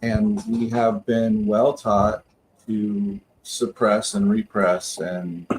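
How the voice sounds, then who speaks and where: A man's voice: on the low side, lively intonation, slow pace, a little mellow, a little hiss or hum. A man co-hosting a spiritual talk show, speaking in a reflective way and searching for his words. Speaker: co-host minister.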